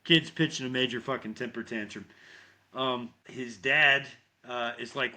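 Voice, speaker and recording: A man's voice: medium pitch, unhurried. A man co-hosting a podcast, recapping a horror movie scene by scene in casual, profane chat and acting out the characters' lines. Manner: animated storyteller, heavy swearing, acts out lines. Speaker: podcast co-host.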